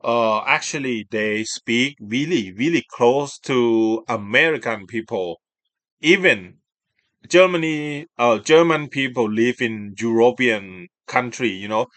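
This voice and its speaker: Slow, halting man. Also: medium pitch, a bit bright, no echo. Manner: halting, self-correcting, non-native English. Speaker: video host. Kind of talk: casual chat with an AI voice assistant.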